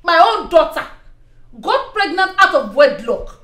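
A woman's voice: very high voice, very animated, unhurried, fairly bright tone, heavily acted. A woman playing an indignant Nigerian mother. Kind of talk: comic gospel film acting. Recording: echoey room with music bed.

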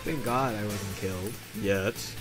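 A man giving goofy, self-mocking gameplay commentary, bursting into yelps and shouts as he plays. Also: on the low side, a little slow, music in the background. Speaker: gamer.

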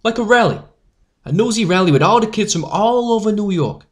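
A man's voice: sits high, expressive, a little fast. A man voicing a confident teenage newsboy strike leader who talks in a rousing, eager way.

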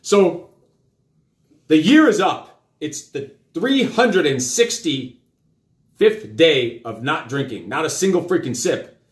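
A man's voice: on the high side, big pitch swings, takes it slowly, pauses often. Rambling, cursing man in an echoey room. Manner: rambling, profane, with many fillers. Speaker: host and father. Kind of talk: casual storytelling on a live show. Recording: roomy echo.

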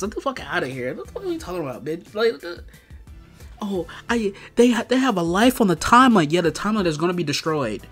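A man with a high, husky voice delivers an exasperated, profane rant for a video review. He stuffs nearly every sentence with "like."

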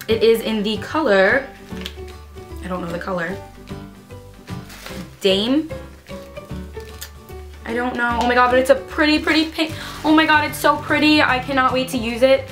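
A woman's voice: high-pitched, fairly bright tone. A young woman vlogging casually at home, bubbly and gushing, squealing with delight as she talks. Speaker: beauty vlogger. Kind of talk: casual unboxing vlog.

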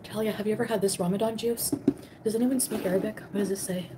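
A woman's voice: medium pitch, fairly even intonation, fast, very noisy. A young woman chatting casually with viewers on a livestream while eating, greeting people by name and talking between bites. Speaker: livestream host.

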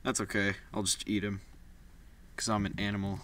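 A man's voice: lowish voice, completely flat delivery, normal speed, noisy background. A man hosting casual gameplay commentary, easygoing and self-deprecating, politely asking his teammate for things as he plays. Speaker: gaming channel host.

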